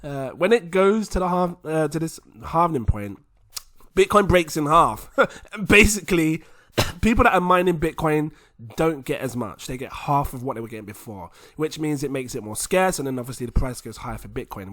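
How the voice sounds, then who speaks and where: A man hosting a video, talking viewers through charts in a chatty, animated way. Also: mid-range voice, no echo. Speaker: crypto video host. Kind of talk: casual chart commentary to viewers.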